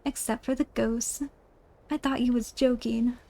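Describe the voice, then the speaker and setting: Woman voicing a jittery young male burglar, anxious questions, gravelly edge. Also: a little high, fairly even intonation, unhurried, mellow. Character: nervous young male thief, jumpy.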